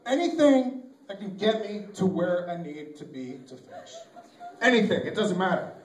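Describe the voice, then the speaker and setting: Animated man doing stand-up. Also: high-pitched, normal speed. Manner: loud, animated, acts out voices with shouts. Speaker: stand-up comedian. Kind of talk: stand-up routine. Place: small venue with live audience. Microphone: camcorder from far off. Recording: echoey amateur video from a distance.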